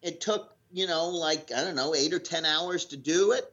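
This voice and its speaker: A man's voice: on the high side, normal speed. Rambling storyteller man on lo-fi audio. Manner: animated storyteller, rambling with fillers and restarts. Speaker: guest telling a sailing story. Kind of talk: casual anecdote. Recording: lo-fi dull audio.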